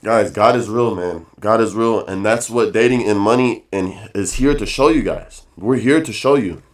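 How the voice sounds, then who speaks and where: A man's voice: on the low side, normal speed. A man streaming a casual rant, emphatic and repetitive, calling his viewers guys and bro, with fillers between points. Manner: emphatic, repeats phrases, says bro and guys often.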